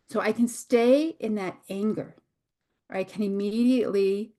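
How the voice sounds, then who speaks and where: A middle-aged woman hosting her own show, a hypnotherapist giving a reflective teaching talk with pauses and restarts. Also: medium pitch, steady tone, dark tone. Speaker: host and hypnotherapist.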